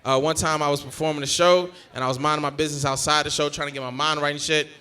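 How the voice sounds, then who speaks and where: Young male stand-up, high and bright, lively, acts out his relatives. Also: fast talker, clear, resonant tone. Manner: animated storytelling, acting out family members. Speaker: stand-up comedian. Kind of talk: stand-up set.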